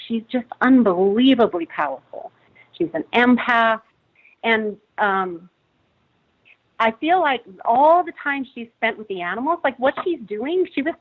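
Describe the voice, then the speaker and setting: A woman caller gives an emotional, gushing testimonial. Her voice sits a little high. It sounds dull and lo-fi, as if it comes down a phone line. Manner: emotional, gushing, full of praise. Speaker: caller, friend of the guest. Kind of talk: heartfelt testimonial.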